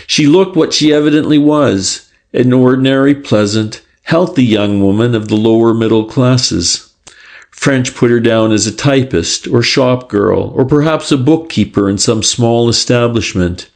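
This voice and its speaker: A man with a mid-range voice narrates an audiobook, delivering the scripted text in a measured, even way.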